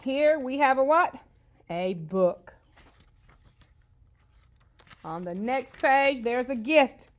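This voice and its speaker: A woman's voice: high-pitched, expressive. A woman teaching an early reading lesson to young children, spelling out words letter by letter in an upbeat, encouraging way. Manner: slow, clear spelling out of letters.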